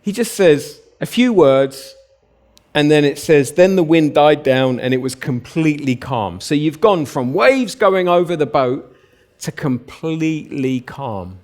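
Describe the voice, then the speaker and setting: A man's voice: fairly high pitch, unhurried. Man preaching a casual sermon. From South West London. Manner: informal storytelling with lively acted-out quotes. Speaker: pastor. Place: church.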